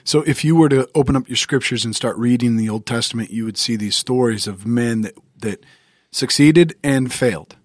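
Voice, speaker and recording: A man's voice: mid-range voice, moderate pace, no echo, studio quality. A man co-hosting a casual faith podcast, reflecting and checking in with "right?". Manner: reflective, with frequent "right?" asides. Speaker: podcast co-host.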